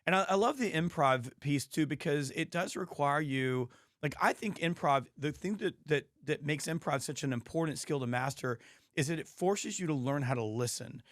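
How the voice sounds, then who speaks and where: Male podcast host, hoarse, emphatic storyteller, higher-pitched, dry close sound. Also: normal speed, no echo. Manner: emphatic storytelling with frequent restarts. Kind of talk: casual interview chat.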